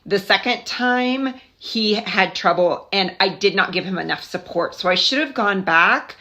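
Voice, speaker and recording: A woman's voice: medium pitch, a little slow, pushed and bright. A woman speech-language pathologist giving candid, self-deprecating commentary on her old therapy videos, explaining her choices in clinical terms and laughing at her own mistakes.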